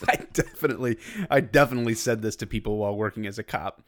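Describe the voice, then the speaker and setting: A man's voice: fairly low pitch, racing. A man who is a former police officer, co-hosting a podcast in casual chat and laughing often as he tells stories. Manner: laughs often, animated storytelling.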